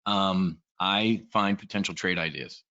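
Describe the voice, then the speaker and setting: A man's voice: low voice, steady tone, unhurried, sharp tone, highs cut off. A man giving a casual, blunt and profane trade briefing, talking in a rambling way as a trading educator.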